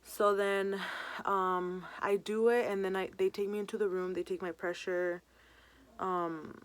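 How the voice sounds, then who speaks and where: A woman's voice: mid-range voice, level tone, smooth. A young woman vlogger telling a personal story in casual chat, saying "like" constantly and dropping in Spanish words. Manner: chatty, fills every pause with "like"; mixes Spanish words into her talk.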